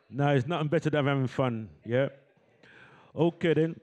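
A man's voice: fairly high pitch, moderate pace, darkish tone. A man hosting a community event, coaxing the audience into call-and-response with a handheld microphone. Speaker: event host. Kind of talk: lively audience warm-up.

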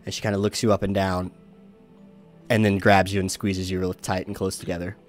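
Low-voiced rambling game master. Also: male voice, level tone, fairly quick, faint music behind. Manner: rambling narration with many fillers and restarts, laughing. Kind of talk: narrating a tabletop game.

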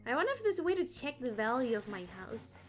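A woman's voice: high voice, very animated, fast, faint music behind. A woman streamer chatting playfully and rambling as she plays, often singing little ditties to herself. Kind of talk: casual gameplay chat.

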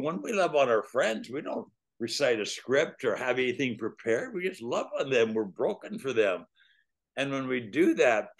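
An older man, a guest evangelist, telling animated faith stories and laughing often as he talks. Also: a little high. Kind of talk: storytelling testimony.

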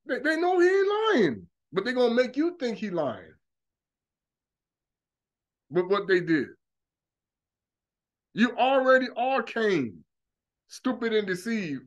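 A man preaching a fervent monologue, mocking opponents by mimicking them in quick asides. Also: extremely high pitch, big pitch swings, muffled recording. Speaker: religious commentator.

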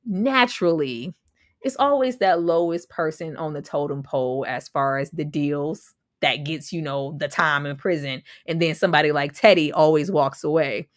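Chatty woman, low voice, dry close sound. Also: no room sound. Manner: chatty, laughs often, slangy asides. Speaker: TV episode reviewer. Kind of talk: casual recap and reaction.

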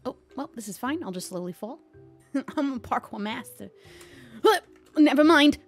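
A woman streamer roleplaying a rat in a video game, with a put-on New York rat voice and an excitable, giggly manner. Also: on the high side, moderate pace, creaky, soft background music.

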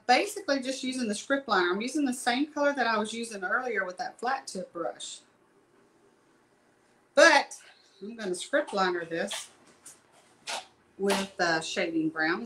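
A woman's voice: mid-range voice, sharp tone, low-quality recording. Chatty woman teaching painting. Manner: chatty, rambling, folksy asides. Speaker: painting instructor. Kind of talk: casual live painting tutorial.

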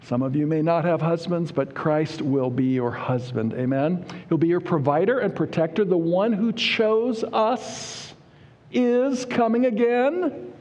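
A man's voice: fairly high pitch, a little mellow. A male pastor preaching a sermon in a church in a conversational way, often calling for amens from the congregation. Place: church sanctuary. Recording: long hall reverb.

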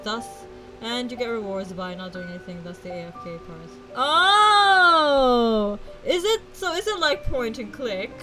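A woman's voice: medium pitch, lively intonation, brisk, over music, poor audio. A young woman streaming a video game, chatting casually and giggling, with lots of "like" fillers.

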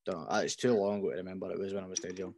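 A man's voice: deep voice, steady tone, rapid-fire, a little mellow, a little hiss or hum. A young man with a Scottish accent, a podcast guest telling a story with hesitant starts. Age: 20s. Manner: hesitant, many fillers and restarts. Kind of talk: casual storytelling.

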